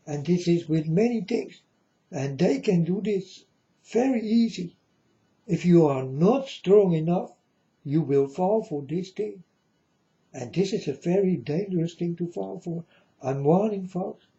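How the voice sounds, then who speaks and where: A man's voice: high-pitched, lively intonation, unhurried, dark tone, highs cut off. Earnest man warning his folks. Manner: repetitive, earnest, addresses listeners as folks. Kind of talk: rambling spoken warning to viewers.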